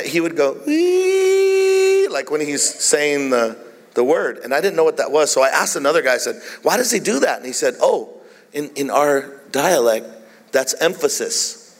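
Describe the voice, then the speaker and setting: A man's voice: on the high side, moderate pace. A man preaching a sermon, telling jokes and stories in a playful, teasing way as the pastor. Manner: playful, jokey storytelling preacher. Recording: long reverb of a large hall.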